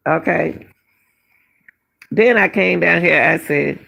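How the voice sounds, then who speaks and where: Middle-aged woman host talking slow, lots of fry in the voice, keeps repeating herself and asking why. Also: lowish voice, sharp tone. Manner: emphatic, repeats phrases, fires rhetorical questions. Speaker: commentary channel host. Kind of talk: casual commentary on a missing-person case.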